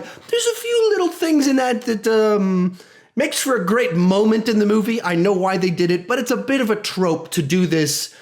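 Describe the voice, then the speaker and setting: A man giving a casual spoken movie review, enthusiastic and animated, often restarting his sentences and acting out quotes. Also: high voice, normal speed.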